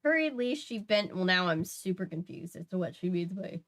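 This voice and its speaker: Her voice is lowish and a bit bright, with lively intonation at a normal speed. The young woman is reading a mystery novel aloud on a laid-back livestream, chatting between passages and correcting slips as she goes.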